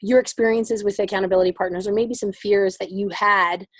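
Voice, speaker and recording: A woman's voice: medium pitch, fairly even intonation, fairly quick, no echo. A woman facilitating a women's group discussion, affirming and encouraging the others. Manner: encouraging, affirming, many fillers.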